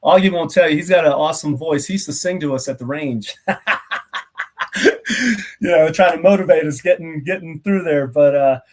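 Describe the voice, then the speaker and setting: A man's voice: on the high side, normal speed, long pauses, a little mellow. A middle-aged man, a retired army officer and guest, talks reflectively over a video call, with plenty of filler phrases. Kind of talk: casual interview chat.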